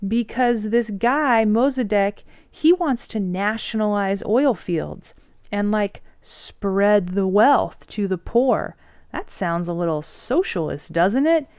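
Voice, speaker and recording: Scheming male officials who coax and needle with leading questions, in a wheedling tone, as a woman teacher plays them. The voice is a touch higher than her own and stays smooth and clear. It is recorded close and dry. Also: animated, slow, darkish tone, dry recording.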